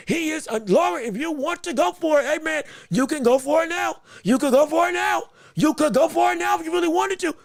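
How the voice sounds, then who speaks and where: A podcast host calls a fight blow by blow on his own livestream, excited and repetitive, restarting phrases while eating and talking at once, all with the hiccups. His voice is very high and creaky, in a dry, studio-quality recording.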